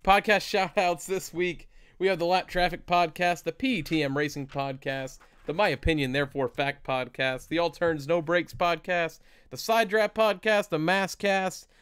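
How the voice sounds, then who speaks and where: A young man co-hosting a casual podcast, chatty and upbeat as he runs through plugs and shout-outs. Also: fairly high pitch, fairly even intonation, clear, resonant tone, no echo, studio quality. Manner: chatty, reads plugs in a quick upbeat run. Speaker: podcast co-host.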